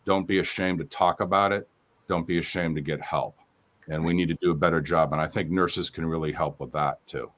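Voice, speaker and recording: Deep-voiced man, earnest podcast guest. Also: steady tone, a little fast, fairly bright tone. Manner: earnest, candid, restarts sentences. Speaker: podcast guest, company CEO. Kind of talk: casual interview chat.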